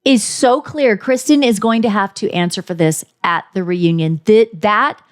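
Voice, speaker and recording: A woman co-hosting a podcast, chatting casually and bluntly, swearing freely and acting out quotes with big jumps in her voice. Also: moderate pace. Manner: animated, acts out quotes with big pitch jumps. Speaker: podcast co-host. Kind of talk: casual recap chat.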